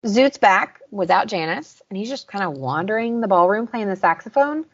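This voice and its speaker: A young Southern woman co-hosts a podcast in an easygoing, rambling way, filling her recaps with "like" and "um". Her voice sits at a middle pitch. The recording sounds a little muffled and lo-fi. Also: animated, normal speed. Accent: Southern American. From American South. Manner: chatty, recaps scenes and acts out quotes with laughs. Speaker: podcast co-host. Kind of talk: casual podcast chat.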